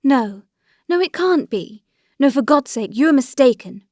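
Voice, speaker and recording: A woman's voice: moderate pace, a little mellow, no room sound, clean studio sound, lightly acted. A woman voicing a desperate pleading noblewoman. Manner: pleading, rising to high distress. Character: anguished noblewoman pleading for her friend.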